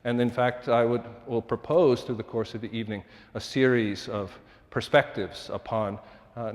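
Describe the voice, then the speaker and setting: A middle-aged man giving a public lecture on architecture, measured and formal, with frequent fillers and restarts. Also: lowish voice. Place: lecture hall with long reverb. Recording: lecture hall reverb.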